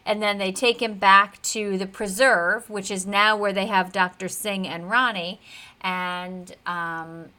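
A woman co-hosting a podcast, retelling a TV episode in a chatty, animated way with plenty of fillers. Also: medium pitch, takes it slowly. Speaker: podcast co-host. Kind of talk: casual recap of a TV episode.

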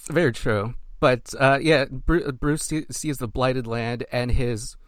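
A man's voice: mid-range voice, slow, no echo. A man co-hosting a podcast, recapping a cartoon episode in casual chat and acting out characters' lines. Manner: animated storyteller, acts out characters' lines. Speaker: podcast co-host.

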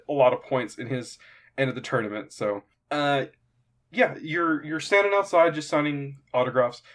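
A man narrating a tabletop game as game master, halting and casual. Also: medium pitch. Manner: halting, lots of fillers and restarts.

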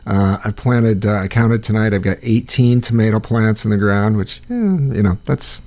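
A man's voice: fairly low pitch, normal speed, darkish tone. A man from Iowa co-hosting a casual chat, rambling and profane, telling stories with frequent restarts.

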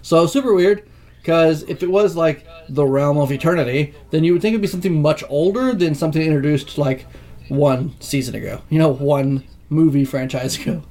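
A man with a high voice talks casually about a film. He rants loudly and swears a lot, and his voice keeps jumping up into even higher bursts. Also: moderate pace. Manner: ranting, profane, animated. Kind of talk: casual movie discussion.

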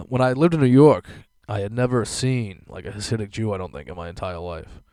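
A young man talks alone into a podcast mic, rambling from one story to the next and swearing freely. His voice sits a little low, and his laughs break in often. The room sounds dry and close. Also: gravelly, darkish tone, dry recording. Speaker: podcast host. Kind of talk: casual solo podcast rant.

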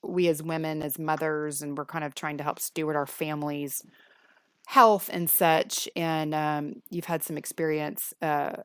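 A middle-aged woman hosting a podcast, telling a family story casually with lively quoted speech. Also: deep voice, unhurried, smooth, no room sound. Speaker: podcast host.

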